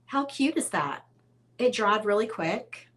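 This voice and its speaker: A woman's voice: medium pitch, lively intonation, unhurried, background noise. A woman hosting a casual painting tutorial, chatty and self-teasing as she talks straight to her viewers while she works at a crafting table.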